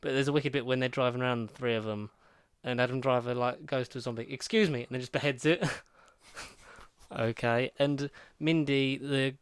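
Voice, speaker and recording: A man chatting on a podcast, recapping a film in long, rambling runs full of asides. His voice is smooth and resonant, recorded close and dry with no room sound. He sits at a middling pitch. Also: no echo. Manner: rambling, animated retelling with quick asides. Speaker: podcast co-host reviewing films. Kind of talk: casual chat.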